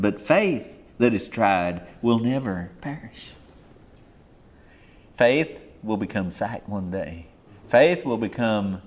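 A man preaching a sermon in a folksy, emphatic way, swinging between loud and hushed lines. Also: lowish voice.

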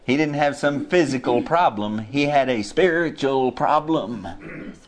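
A man preaching a sermon, passionate, climbing into high, loud cries when he quotes scripture. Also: expressive, a little slow. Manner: impassioned, rises to high cries when quoting. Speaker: pastor.

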